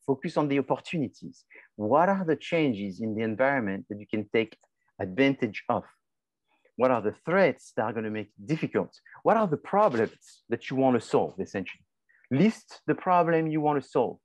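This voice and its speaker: A man's voice: medium pitch, a little mellow, dry recording, highs cut off. A male marketing professor giving a conversational class lecture, asking and answering his own questions.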